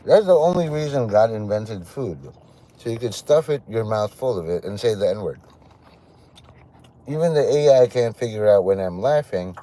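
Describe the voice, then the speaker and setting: A man with a lowish voice chats casually on a livestream, rambling and cracking jokes at a moderate pace. His intonation is lively throughout.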